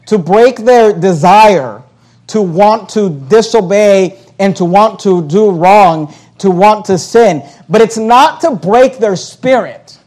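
A man with a notably high voice delivers a sermon, talking to the congregation in a loose, conversational way. He stumbles over his words and repeats himself often as he pushes his points. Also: a little mellow. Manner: conversational preaching with frequent stammered restarts. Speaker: pastor.

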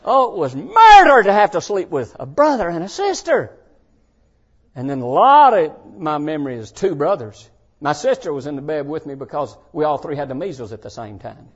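An older man preaching a folksy sermon to young people, swinging between shouted points and hushed asides. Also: fairly high pitch, big pitch swings, normal speed, husky. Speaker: pastor. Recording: dull lo-fi sound.

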